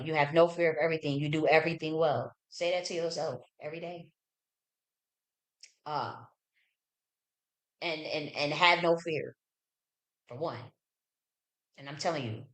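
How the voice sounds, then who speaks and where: A woman hosts a profane political commentary livestream, speaking bluntly and heatedly with plenty of swearing and repeated words. Her voice sits on the low side and is a bit bright, with a roomy sound.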